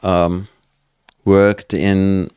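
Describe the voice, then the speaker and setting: A middle-aged man, a podcast guest speaking slowly and with pauses. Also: deep voice, flat delivery, a little mellow, smooth, no echo, studio quality. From South Africa. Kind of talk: casual interview.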